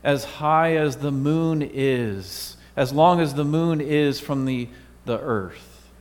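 A man reading as an eager baby bunny. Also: a little high. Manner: slow, lifted storybook reading. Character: small infant bunny, eager and loving. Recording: echoey hall.

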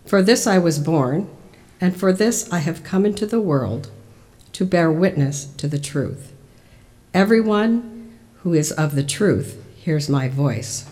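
A church lector reading the part of a calm prisoner on trial, measured and solemn. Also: mid-range voice. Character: calm teacher on trial, steady and grave. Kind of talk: liturgical Scripture reading.

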